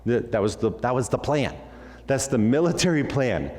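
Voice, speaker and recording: A male pastor preaching a sermon at a middle pitch, animated and playful as he acts out bits of dialogue. His voice carries a long reverb from the hall around him. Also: normal speed. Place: church sanctuary.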